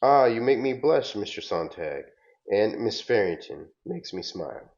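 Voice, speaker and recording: A man doing a suave teasing gentleman, low voice, muffled lo-fi audio. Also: very animated, unhurried. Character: smooth charming gentleman. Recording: dull lo-fi recording.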